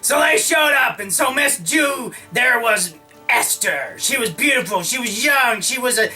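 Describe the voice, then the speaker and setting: A man's voice: very high voice, animated, measured pace, bright, forceful tone, far from the mic, soft background music, poor audio. A man casually retelling an old story in a slangy, comic way, often acting out the characters' lines. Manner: slangy, full of "like", acts out lines.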